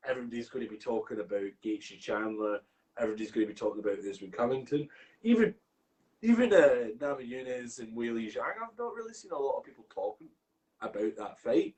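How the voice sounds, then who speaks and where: A man's voice: mid-range voice, brisk, poor audio. Laughing, swearing podcast co-host guy. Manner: animated, laughs often, swears casually. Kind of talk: casual chat.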